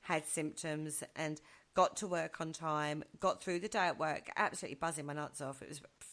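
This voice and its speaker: A woman chatting in a radio studio, telling stories in a lively way and acting out what people said. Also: deep voice, normal speed. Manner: chatty storyteller who acts out quotes, often laughing. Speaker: studio guest. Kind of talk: casual radio chat. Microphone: studio microphone.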